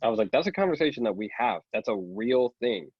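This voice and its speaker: A man's voice: mid-range voice, very animated, brisk, slightly rough, no echo, muffled recording. A man in a casual podcast chat, telling a story and quoting what others said.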